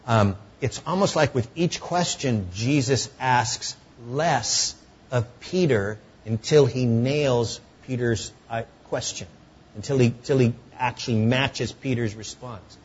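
A man preaching a sermon in a conversational way, sometimes dropping to hushed tones. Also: mid-range voice, slow pace, husky, muffled recording. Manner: conversational, drops to hushed tones for emotional moments.

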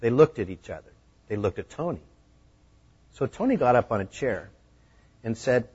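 A man preaching a sermon, telling a story with animated voices. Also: medium pitch, normal speed, long pauses, slightly rough. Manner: animated, acting out the scenes. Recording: dull lo-fi recording.

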